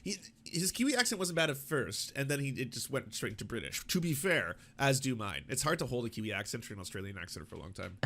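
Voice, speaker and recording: A man in casual reaction commentary, swearing freely and mocking what he watches. His voice sits at an ordinary pitch and moves between sarcasm and rant. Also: fast, few pauses. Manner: profane, animated, mocking asides. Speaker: political commentary host.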